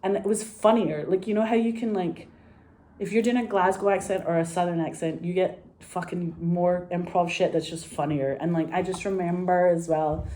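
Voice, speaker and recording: Laughing, foul-mouthed woman with a mellow voice. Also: on the low side, normal speed, a little hiss or hum. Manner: animated and profane, laughing often, rambling. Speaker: actress. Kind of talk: casual anecdote.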